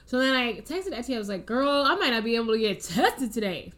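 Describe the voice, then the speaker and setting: A young adult woman co-hosting a casual chat, telling a story with animated, acted-out quotes. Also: a little fast. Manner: animated storyteller, acts out quotes with big pitch jumps. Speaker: podcast co-host.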